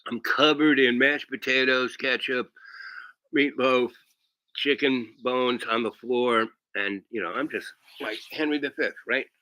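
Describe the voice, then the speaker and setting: A man tells a rambling comic story about himself and keeps checking in with "right?". His voice is bright and forward, at a middle pitch. The sound is dry and close. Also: fairly even intonation, a little slow, dry recording, low-quality recording. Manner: rambling, tags lines with "right?". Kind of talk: comic personal anecdote.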